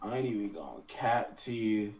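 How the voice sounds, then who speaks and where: A man's voice: fairly low pitch, expressive, normal speed, a crowd in the background. A man co-hosting a casual podcast chat, laid-back and slangy, often trailing off and restarting. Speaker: podcast co-host. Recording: roomy mic with faint noise.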